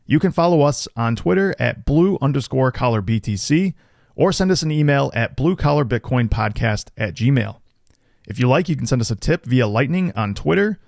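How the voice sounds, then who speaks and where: A man's voice: medium pitch, vocal fry, a little mellow, no echo, clean studio sound. A man hosting a podcast in casual chat, joking banter. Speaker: podcast host.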